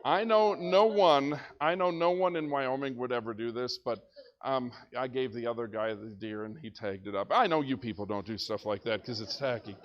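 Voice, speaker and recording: A male pastor with a fairly high voice preaches in a church, telling a story with lively energy. He jumps between quiet asides and excited shouts. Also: lo-fi sound. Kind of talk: storytelling sermon. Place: church sanctuary.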